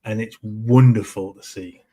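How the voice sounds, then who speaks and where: Husky-voiced football co-host. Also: male voice, lowish voice, fairly even intonation, dark tone. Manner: measured, analytical, many restarts. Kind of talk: live post-match reaction chat.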